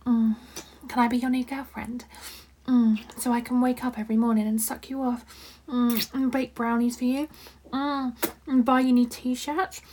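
A young woman in a whispered role-play, rambling and flustered, giggling and dropping into breathy whispers close to the microphone. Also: a little high, flat delivery, normal speed, a little mellow, slight background noise. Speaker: audio role-play performer.

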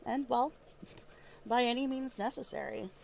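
A woman plays a foul-mouthed former hitwoman in an audio role-play drama, her voice sitting a little high. She talks casually and haltingly, full of fillers and restarts, sometimes with food in her mouth. A faint hum of ambience sits behind her. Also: fairly even intonation, vocal fry, darkish tone. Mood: bitter. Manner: chewing food while talking. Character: foul-mouthed weary female ex-hitwoman seeking peace.

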